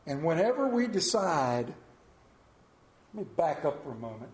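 A man preaching a sermon as pastor, swinging from hushed lines to loud ones. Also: on the high side, very animated, moderate pace, roomy sound.

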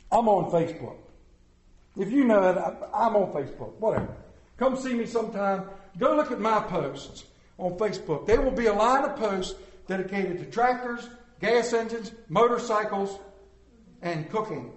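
A man's voice: sits high, expressive, moderate pace, reverberant. A man preaching a sermon as pastor, folksy and conversational, asking his congregation rhetorical questions.

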